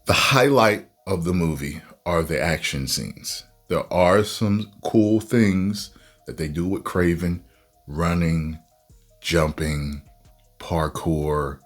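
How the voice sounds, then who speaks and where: A man reviewing a movie in a casual video rant, animated and breaking into loud exasperated outbursts. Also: low-pitched, slow, soft background music.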